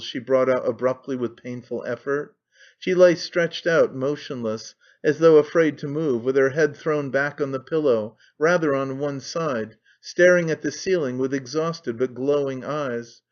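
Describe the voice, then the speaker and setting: A man narrating a classic novel as an audiobook, measured and expressive. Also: medium pitch, muffled recording.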